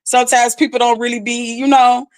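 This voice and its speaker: A woman's voice: a little high, fairly quick. A woman rapper, telling a story as a podcast guest and acting out what people said. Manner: animated, acts out quotes, frequent "like". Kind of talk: casual storytelling.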